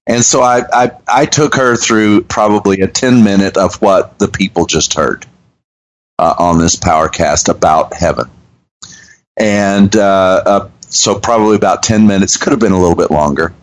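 A man, hosting a radio show and telling a story in an earnest, halting way with restarts. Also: deep voice, low-quality recording. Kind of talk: conversational storytelling.

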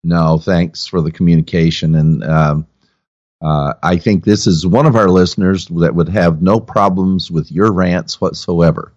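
A man co-hosting a podcast in a relaxed, easygoing way, often hesitating with fillers. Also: low-pitched, unhurried, no room sound, muffled recording. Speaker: podcast co-host and teacher. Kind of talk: casual podcast chat.

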